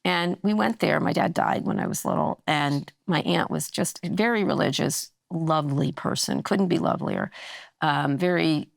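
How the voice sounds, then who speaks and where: A woman's voice: low-pitched, moderate pace, creaky, dry recording, clean studio sound. A woman in her sixties telling a story in casual conversation as a podcast guest, blunt and a little profane, acting out the voices of the people she quotes. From United States. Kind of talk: casual chat.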